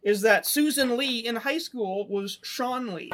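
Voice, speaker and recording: A man's voice: extremely high pitch, measured pace, fairly bright tone. A man co-hosting a podcast in casual chat, leading the recap with many fillers and swearing freely. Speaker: podcast co-host.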